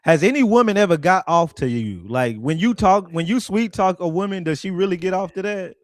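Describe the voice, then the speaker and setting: A male livestream host with a notably high voice, recorded dry and close on a streaming mic. He talks over his callers in a confrontational way, piling on the mockery and the trash talk. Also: lively intonation, fairly quick, hardly any pauses, no room sound. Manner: confrontational trash-talking, mocking.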